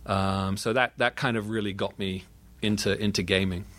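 A man's voice: lowish voice, steady tone, normal speed, a bit bright. A man from the United Kingdom with a transatlantic accent, a guest in a casual interview, speaking thoughtfully and often restarting his phrases.

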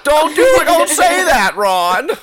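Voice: high-pitched, big pitch swings, slow, fairly bright tone, pitched above the performer's own voice, full character voice. A podcaster voicing a zany cartoon voice-over announcer who interrupts frantically. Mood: frantic.

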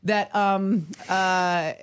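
A woman comedian, a guest on a podcast, telling animated, profane anecdotes in casual chat. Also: medium pitch, slight background noise. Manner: animated, profane, quick anecdotes with acted quotes.

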